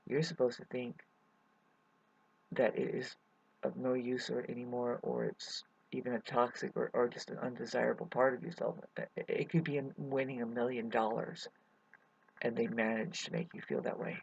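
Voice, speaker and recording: A man's voice: medium pitch, flat delivery, moderate pace, creaky, slightly rough, no room sound. A man rambling through a hesitant personal update to his viewers, full of fillers and restarts. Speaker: vlogger. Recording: dull lo-fi recording.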